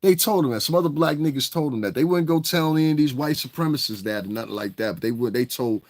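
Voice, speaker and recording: A man's voice: mid-range voice, fast talker, no echo. A man hosting a livestream, ranting angrily and combatively with heavy profanity. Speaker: livestream host. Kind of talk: casual livestream rant.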